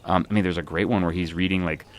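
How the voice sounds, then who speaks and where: A man's voice: deep voice, fairly even intonation, fast talker, slight background noise. A man hosting a live radio show in a studio, chatting casually with many fillers and restarts.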